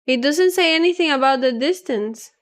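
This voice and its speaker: High-voiced chatty woman streamer. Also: lively intonation, moderate pace. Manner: chatty, giggly, reads aloud to chat. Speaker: livestreamer. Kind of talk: casual gaming stream chat.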